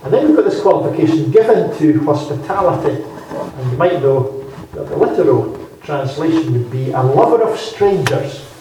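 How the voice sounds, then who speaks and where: A man preaching a measured, emphatic Bible-teaching sermon in a hall, repeating key phrases for weight. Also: fairly high pitch, expressive, warm tone, a little hiss or hum. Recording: very echoey hall, speaker far from mic.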